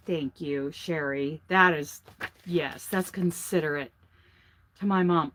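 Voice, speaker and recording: Slow-talking, chatty woman vlogger. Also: low-pitched, fairly bright tone. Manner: chatty, gushing and admiring. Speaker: vlog host. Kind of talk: casual chat showing crochet gifts. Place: inside a truck.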